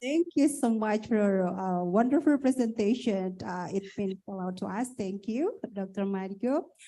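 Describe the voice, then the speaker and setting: A woman's voice: mid-range voice, a little slow, dark tone. A woman moderating an online conference, polite and apologetic, often repeating her questions.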